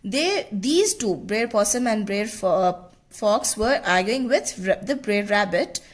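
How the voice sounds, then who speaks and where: A woman's voice: medium pitch, lively intonation, a little slow. A woman teacher with an Indian English accent reading a lesson aloud and explaining it, asking questions and answering them herself.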